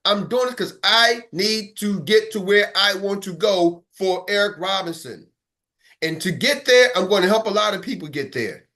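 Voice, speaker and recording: With a high-pitched, pushed and bright voice at a moderate pace, a man delivers a motivational coaching talk to his sales team over an online meeting. He sounds fired-up and preachy, leans on repetition for emphasis, and names listeners as he addresses the live group.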